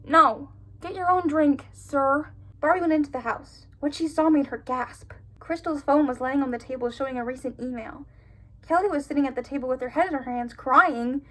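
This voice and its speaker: High-voiced young woman, sarcastic. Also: normal speed, a bit bright. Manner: sarcastic, giggly, incredulous asides. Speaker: vlogger reading her childhood stories. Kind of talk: reading aloud with running commentary.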